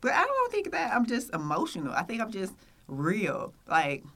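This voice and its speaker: A woman hosts a loose, candid chat. Her voice is bright and forward, and she tells her stories with animated energy and frequent laughter. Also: medium pitch, moderate pace. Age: 30s. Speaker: podcast host. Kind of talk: casual chat.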